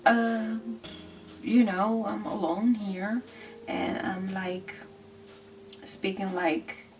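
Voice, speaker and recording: A woman chatting casually and self-deprecatingly while coloring, talking softly toward a camera mounted overhead. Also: medium pitch, flat delivery, very slow, a little hiss or hum. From grew up in the Netherlands from age thirteen. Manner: self-deprecating, rambling, laughs often. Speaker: art vlogger. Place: indoors at a desk. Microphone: camera overhead, some distance away. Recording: distant camera mic with music behind. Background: soft background music.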